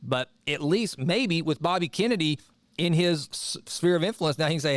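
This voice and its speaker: Podcast host, middle-aged man, conversational and digressive, fairly high voice, dry close sound. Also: lively intonation, brisk, dry recording. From Texas. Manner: conversational, digressive, chatty asides. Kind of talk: casual monologue reading and commenting on an article.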